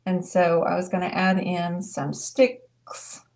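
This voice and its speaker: A woman's voice: on the low side, level tone, slow pace, a little mellow. A woman in her forties hosting a live painting show, chatting and telling stories as she paints. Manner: chatty, storytelling, laughing often. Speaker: painting livestream host. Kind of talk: casual chat while painting.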